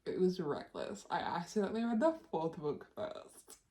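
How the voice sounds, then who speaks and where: A woman's voice: lowish voice, big pitch swings, moderate pace, dark tone. A young woman chatting in a casual home vlog, playful and self-deprecating, swearing casually. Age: young adult. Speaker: vlogger. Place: bedroom at home. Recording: roomy home recording, mic at a distance, clear background noise.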